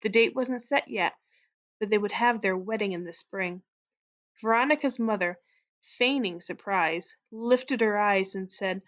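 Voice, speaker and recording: A woman teacher reading a story aloud to students at a steady, clear pace. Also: mid-range voice, measured pace. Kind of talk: read-aloud story narration.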